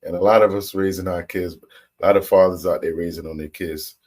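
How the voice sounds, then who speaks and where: An American man co-hosting a casual reaction chat, laughing often and telling animated stories. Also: deep voice, a little fast. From United States. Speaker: co-host.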